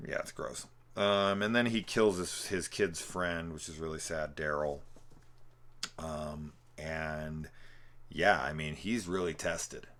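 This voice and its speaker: A young man with a very low, deep voice talks through a film in a loose, rambling way. He swears freely and peppers every thought with "like" and "um". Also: a bit bright. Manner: rambling, profane, full of "like". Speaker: film reviewer. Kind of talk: casual movie review commentary.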